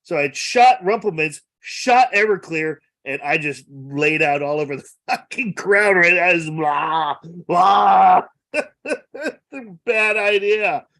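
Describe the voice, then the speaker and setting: A man's voice: high voice, expressive, takes it slowly, bright, forceful tone. A man in his forties in casual chat, laid-back, laughing a lot and swearing casually. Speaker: podcast co-host.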